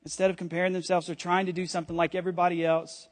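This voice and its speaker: A male pastor with a notably high voice preaches to his church in an animated, joking way. He breaks off into quick asides, teasing himself and the room as he makes his points. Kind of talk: sermon.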